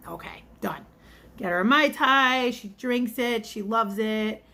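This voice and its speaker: With a high-leaning, pushed, bright voice and a slow pace, a woman in her thirties or forties, a vlogger who waits tables, tells a casual story. It wanders through plenty of chatty asides, and she acts out what other people said.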